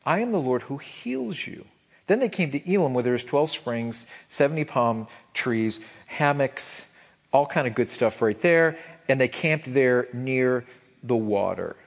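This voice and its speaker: A man preaching a sermon as pastor, animated and calling out questions to the congregation. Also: mid-range voice, unhurried, vocal fry. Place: church sanctuary. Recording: reverberant church hall.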